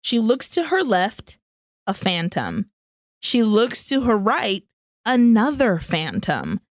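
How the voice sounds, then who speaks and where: A woman's voice: on the high side, huge pitch swings, takes it slowly, dry recording, studio quality. A woman co-hosting a podcast, animatedly retelling a film plot in casual chat and swearing freely. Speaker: podcast co-host.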